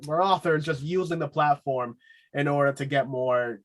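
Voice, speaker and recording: A man hosting a casual podcast interview, enthusiastic and quick to laugh, often repeating himself. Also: fairly high pitch. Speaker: podcast host.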